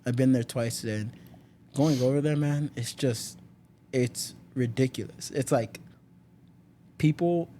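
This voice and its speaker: Laughing, animated young man storyteller. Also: mid-range voice, slow, long pauses, a little hiss or hum. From Miami, United States. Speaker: podcast guest. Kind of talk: casual chat.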